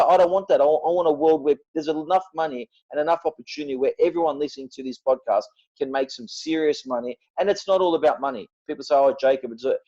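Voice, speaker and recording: A man speaking as a podcast guest, blunt and forceful, cursing freely as he makes his points. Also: on the high side, highs cut off. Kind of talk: passionate podcast talk.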